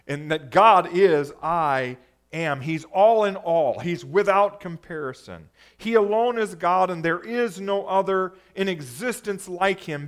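A man preaching a sermon, reading scripture emphatically and calling to the audience for responses. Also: on the high side. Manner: emphatic, rises to loud exclamations when reading scripture.

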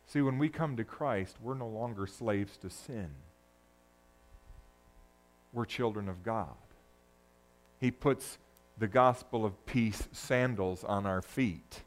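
A man preaching a sermon, moving between loud, urgent peaks and hushed, low passages. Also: takes it slowly, pauses often. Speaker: pastor.

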